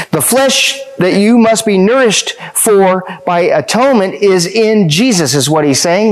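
A man's voice: high voice, poor audio. A man preaching a sermon, pressing his points with rhetorical questions and repeated phrases. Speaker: pastor.

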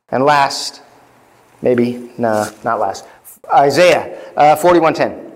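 Pastor preaching in a reverberant hall. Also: male voice, medium pitch, a little slow. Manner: conversational preaching with fillers and asides; reads scripture aloud with rising emphasis. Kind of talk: sermon. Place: church sanctuary.

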